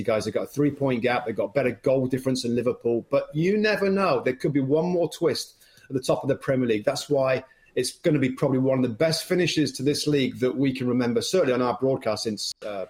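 Upbeat English man talking football. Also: medium pitch. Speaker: guest football broadcaster. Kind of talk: casual interview chat.

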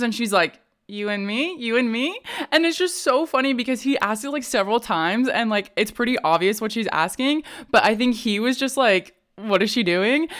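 A woman co-hosting a podcast, telling a story in casual chat with lots of "like" and quoted voices. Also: fairly high pitch. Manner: animated storytelling, heavy use of "like". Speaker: podcast co-host.

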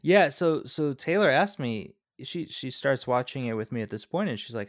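A man's voice: mid-range voice, normal speed, no echo, studio quality. A man co-hosting a podcast, discussing a film in casual chat, thoughtful and a bit hesitant. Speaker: podcast co-host. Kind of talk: casual movie review chat.

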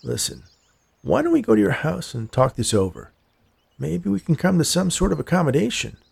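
A man voicing a charming stranger who speaks in a calm, reasonable, disarming way. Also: fairly high pitch, normal speed, vocal fry, husky, voice pushed up, heavily acted. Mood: friendly.

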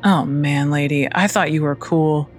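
A woman's voice: deep voice, fairly even intonation, unhurried, soft background music. A woman voicing a cocky young hippie man who talks in casual slang and turns defensive.

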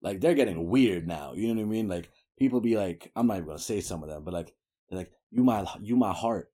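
A man's voice: low-pitched, animated, quick pace, mellow. A young man with a New York accent, chatting casually as an interview guest, slangy and laid-back with many fillers. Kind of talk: casual chat.

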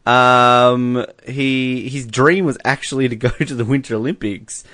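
A man's voice: mid-range voice, a little slow, no echo. Sarcastic Australian man, dry close mic. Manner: sarcastic, laughing, animated mock voices. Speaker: podcast host. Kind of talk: casual sports chat.

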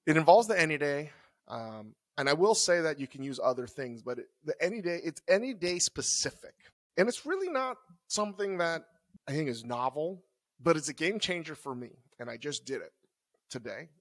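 A man's voice: fairly high pitch, big pitch swings, moderate pace, dry recording. Man rambling casually on a podcast. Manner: rambling, loose and conversational. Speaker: podcast co-host. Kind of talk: casual chat.

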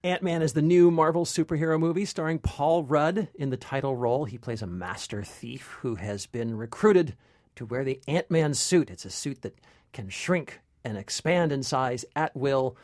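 A man co-hosting a casual movie chat as a film critic, playful and quick to laugh. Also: medium pitch, a little mellow, no echo, studio quality.

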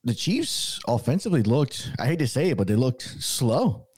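A man hosting a sports podcast, walking through game plays in a measured, casual way. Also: mid-range voice, sing-song, darkish tone, slightly rough, no echo. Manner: measured, breaks down plays with restarts. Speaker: podcast host.

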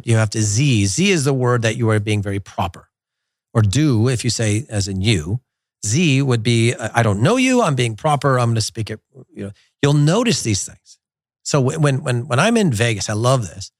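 A middle-aged man hosting a soccer show in a studio, talking in an animated, digressive and blunt way. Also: medium pitch, dry recording. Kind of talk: casual opinionated talk. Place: glass-walled studio in a resort. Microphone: studio mic.

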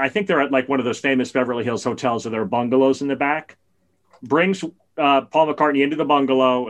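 Animated storytelling man, slightly high voice. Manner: animated storyteller, gets excited and loud at punchlines. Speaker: podcast co-host. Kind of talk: casual chat.

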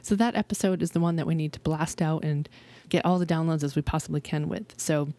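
A woman's voice: low voice, fairly even intonation, quick pace, dark tone. A woman in her thirties hosting her own podcast, talking in a chatty, bubbly way with many fillers. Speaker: podcast host. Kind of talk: casual podcast intro and interview.

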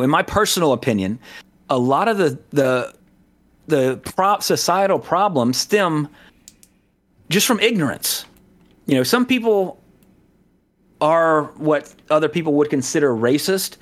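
A man's voice: a little high, a bit bright. A man from the American South in casual podcast chat, rambling with many fillers, restarts and asides. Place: Southern California.

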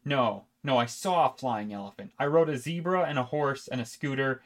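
In a casual gaming chat on a podcast, this male co-host rambles along, interrupting himself with frequent restarts and bursts of laughter. He has a medium pitch and a moderate pace.

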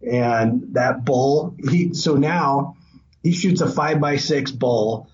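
Middle-aged man as a podcast guest, chatty storyteller at an average pitch, slightly dull recording with faint hiss. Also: slow pace. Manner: animated, breaks into excited quoting. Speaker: hunting guest. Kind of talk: casual storytelling.

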